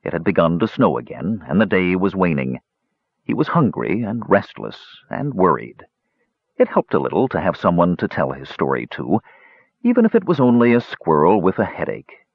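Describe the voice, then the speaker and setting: Expressive storybook narrator, male, husky lower voice, dry lo-fi sound. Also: normal speed, no echo. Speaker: audiobook narrator. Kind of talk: scripted fantasy narration. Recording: slightly dull lo-fi recording.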